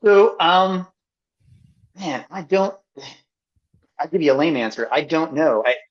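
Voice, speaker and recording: A man talking casually as a podcast guest, hesitant and halting, on dull lo-fi remote audio. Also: on the high side, lively intonation. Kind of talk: casual chat.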